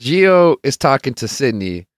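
A man's voice: mid-range voice, big pitch swings, measured pace, no echo, studio quality. A man hosting his own podcast, telling a casual, rambling, profane story that is full of laughs and acted-out quotes. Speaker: podcast host.

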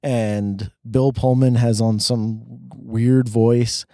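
A man in casual conversation reviewing a film, relaxed and opinionated, with lots of fillers. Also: medium pitch, drawn-out words, dry recording, studio quality. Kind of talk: casual movie review chat.

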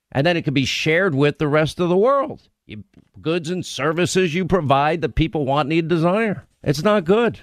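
A man's voice: fairly high pitch, dry recording, studio quality. A man hosting a talk radio show, speaking emphatically and repeating his points for effect. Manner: emphatic, repeats key phrases.

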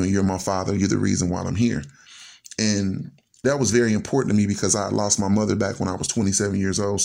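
Gravelly man telling a personal story. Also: lowish voice, darkish tone. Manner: earnest, conversational, acts out quoted dialogue. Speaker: guest storyteller.

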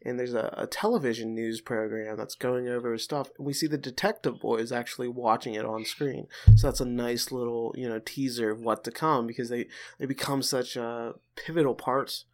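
A man's voice: mid-range voice, normal speed, few pauses. A man co-hosting a podcast, chatting casually and animatedly, retelling scenes with jokes. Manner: animated, joking storyteller. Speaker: podcast co-host. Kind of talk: casual chat.

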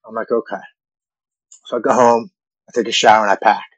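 A man in his forties telling a deeply personal story in an earnest, halting way, often repeating words when moved. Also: flat delivery, slightly rough, no room sound, rough recording. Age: 40s.

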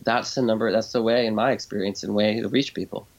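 A man talking as a guest expert in an interview. He explains in a lively, conversational way, often restarts his sentences and acts out voices when he quotes people. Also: lowish voice, quick pace, gravelly, dull audio.

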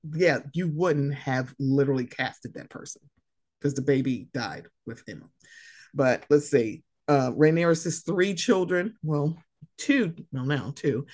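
Casual co-host, woman, lowish voice, swings widely in pitch, profane and animated. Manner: animated, profane, laughing, acts out quotes. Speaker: podcast co-host. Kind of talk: casual chat.

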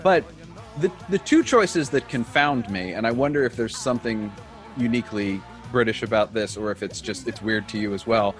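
A man's voice: on the low side, moderate pace, soft background music. A man hosting a podcast, thinking aloud in casual chat with many restarts. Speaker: podcast host.

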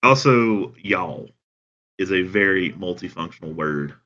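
Low-voiced Southern man, deadpan. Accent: Southern American. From American South. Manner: dry, deadpan storytelling with drawn-out phrases. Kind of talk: casual chat. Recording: dull lo-fi sound.

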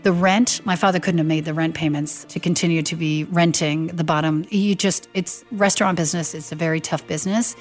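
Middle-aged woman, lower voice, lively storyteller who acts out dialogue, faint music underneath. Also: fairly quick, few pauses. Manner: animated storyteller acting out quoted dialogue. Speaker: guest telling her late father's story. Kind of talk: storytelling interview.

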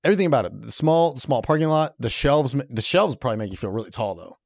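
A young man co-hosting a casual comedy chat, riffing and jumping into high-pitched mocking voices for bits. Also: lively intonation, fast, no room sound, clean studio sound.

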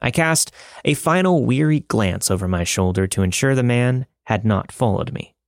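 A man narrating a listener's scary story in a dramatic, measured way, recorded close to a studio mic. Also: mid-range voice, expressive, vocal fry, no room sound. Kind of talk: scripted narration of listener stories.

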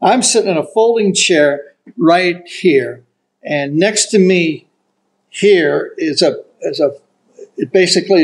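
An older man, a golf broadcaster, telling a story as an animated raconteur who acts out the quotes. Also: a little high, low-quality recording. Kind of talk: casual storytelling.

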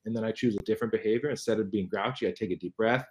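A man's voice: lowish voice, a little fast, a little mellow. A middle-aged man, a guest expert in an interview, explaining carefully with frequent restarts and fillers.

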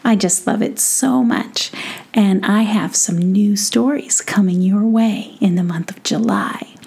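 A middle-aged woman hosting a children's podcast, speaking softly and affectionately straight to young listeners in a breathy, near-whispered voice. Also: mid-range voice.

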